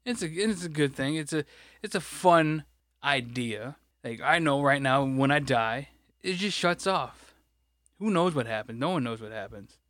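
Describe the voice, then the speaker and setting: A man's voice: medium pitch, moderate pace, a bit bright, dry recording, clean studio sound. A man chatting casually on a podcast, rambling and swearing often as he vents. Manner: rambling, frustrated, swears a lot. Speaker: podcast co-host; grocery stocker. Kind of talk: casual profane chat.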